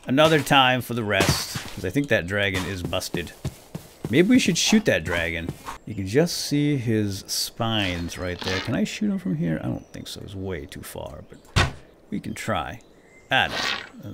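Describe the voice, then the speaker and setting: A man hosting a let's play, excitable and swinging between loud outbursts and hushed whispers as he narrates his game. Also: on the low side. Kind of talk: gameplay commentary.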